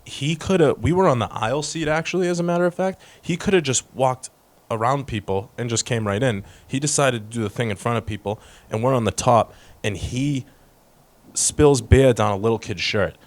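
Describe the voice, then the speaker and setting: A man co-hosting a podcast, telling stories in a slangy, animated way and acting out quotes. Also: medium pitch, moderate pace, dry recording. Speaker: podcast co-host. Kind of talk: casual chat, storytelling.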